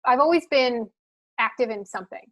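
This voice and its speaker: A woman's voice: a little high, a little fast, a bit bright. A woman from the Philadelphia suburbs with a light Philadelphia accent, chatting as a podcast guest and thinking aloud with many fillers. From Philadelphia suburbs, USA. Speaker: guest, marketing leader. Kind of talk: casual podcast conversation.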